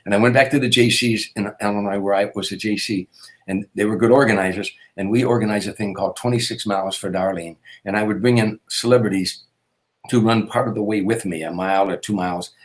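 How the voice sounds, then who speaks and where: An older man with a fairly low voice tells a long personal story. He is earnest and rambling, restarting sentences as he goes. He speaks as a guest comedian in a casual interview. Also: fairly even intonation, quick pace. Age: 60s.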